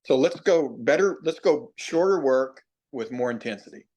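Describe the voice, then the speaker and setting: A man's voice: mid-range voice, expressive, darkish tone. Folksy plainspoken middle-aged man. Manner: folksy storyteller, acts out quoted players; plainspoken, repeats himself, drawn-out emphasis. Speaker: hitting coach. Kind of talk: podcast interview.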